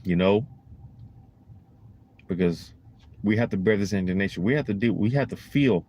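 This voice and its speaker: A man's voice: on the low side, normal speed, a little mellow. A man giving a casual preaching monologue in a rambling, emphatic, slangy way, full of "you know" and "man.".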